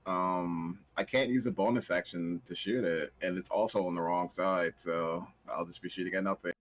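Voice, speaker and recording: A man's voice: low-pitched, fairly even intonation, moderate pace. A man playing a tabletop role-playing game. He hesitates a lot with ums and laughs at himself. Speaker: player. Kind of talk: casual tabletop game play.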